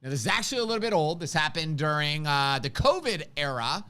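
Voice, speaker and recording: A man's voice: fairly high pitch, big pitch swings, quick pace, bright, forceful tone, smooth. A man co-hosting a live stream in casual chat, teasing and boastful.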